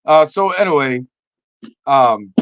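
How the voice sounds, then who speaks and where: Animated crude comic man. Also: medium pitch, slow, clean tone, no echo, dull audio. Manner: animated, crude, bursts into shouts and silly voices. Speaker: comedy host. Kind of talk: crude comedic monologue.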